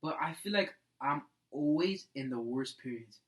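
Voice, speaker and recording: A young man co-hosting a casual podcast, telling animated school stories full of "like" and "bro.". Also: fairly high pitch, normal speed, poor audio. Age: young adult. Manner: animated storyteller, fills with "like" and "bro". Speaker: podcast co-host. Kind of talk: casual chat.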